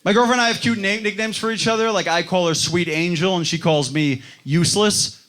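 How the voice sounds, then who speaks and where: High-voiced young comedian doing stand-up. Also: male voice, a little fast. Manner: self-deprecating, acts out voices of other people. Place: comedy club stage before a live audience. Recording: live club set with loud crowd laughter. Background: audience laughter.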